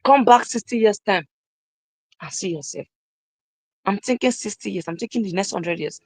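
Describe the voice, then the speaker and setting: A young man giving a live-streamed motivational talk, repeating his lines emphatically and rising at times to shouts. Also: high-pitched, moderate pace, dry recording, poor audio. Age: young adult. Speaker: motivational speaker.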